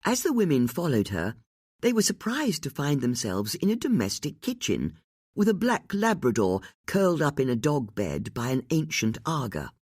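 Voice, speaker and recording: An audiobook narrator reading a cozy mystery in an expressive, varied way. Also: mid-range voice, moderate pace, husky, no room sound, clean studio sound. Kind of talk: scripted narration.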